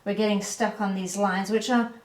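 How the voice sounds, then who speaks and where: A woman giving a relaxed, chatty painting critique as an art teacher, correcting herself as she goes. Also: medium pitch, moderate pace. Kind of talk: painting critique, talking while pointing. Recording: echoey room.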